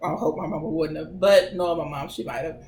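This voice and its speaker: Lowish voice, young woman in her 20s, chatty storytelling vlog, echoey room. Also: fairly quick. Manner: chatty, animated retelling that acts out others' lines. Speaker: vlogger. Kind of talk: casual personal storytelling. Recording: roomy echo, faint background noise.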